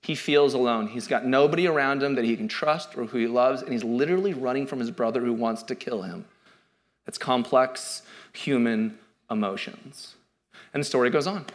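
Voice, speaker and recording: A man in his thirties preaching a sermon in a joking, conversational way, swinging from loud to quiet. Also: mid-range voice, normal speed. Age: 30s. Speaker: pastor.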